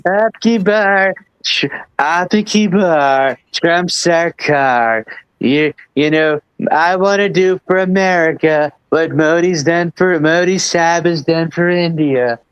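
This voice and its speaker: A man doing a comic impression of a brash older male politician, drawn out slowly and with mangled words. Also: on the high side, a bit bright, smooth, dry recording, dull audio, voice pushed up. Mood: mocking. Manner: slow, drawn-out, mangled delivery. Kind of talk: comic impression in casual chat.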